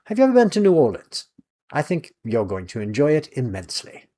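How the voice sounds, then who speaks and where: A man voicing a brisk, wry older witch with a dry, breezy and decisive way of talking. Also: mid-range voice, wildly swooping pitch, mellow, voice pushed up.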